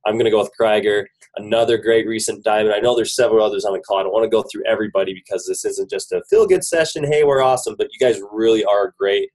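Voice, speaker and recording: A man with a head cold speaks in a somewhat low voice. He gives a casual, upbeat pep talk on a team conference call, praising and joking. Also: quick pace, few pauses, darkish tone, poor audio. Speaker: business team leader on a coaching call. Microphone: phone conference call.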